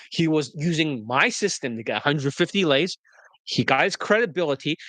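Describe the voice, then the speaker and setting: A man, a dating coach, delivering a profane, combative monologue that mixes a sales pitch with attacks on rival coaches. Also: a bit bright, no echo. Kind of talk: ranting monologue.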